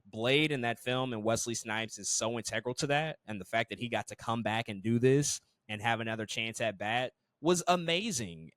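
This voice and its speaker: A man co-hosting a casual movie review podcast, talking in an animated way, swearing freely and repeating words as he restarts sentences. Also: medium pitch, no room sound. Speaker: podcast co-host.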